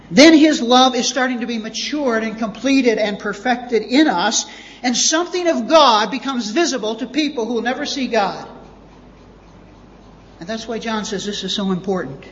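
High-voiced man preaching in a hall. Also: fairly bright tone. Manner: emphatic, repeats words for stress. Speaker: pastor. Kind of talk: sermon. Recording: dull lo-fi audio with long reverb.

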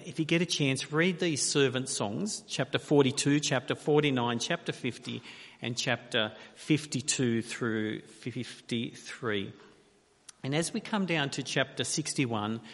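A man preaching a sermon, measured and emphatic, asking rhetorical questions with long pauses. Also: a little high, fairly bright tone. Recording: reverberant hall.

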